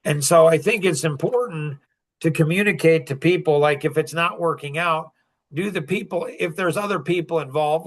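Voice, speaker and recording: A man in his fifties answers questions from listeners on a podcast, with a voice set a bit higher than most men's. He talks casually and goes back over his points. He likes to retell past conversations as little stories. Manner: storytelling, animated retelling of conversations. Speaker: coach answering audience questions.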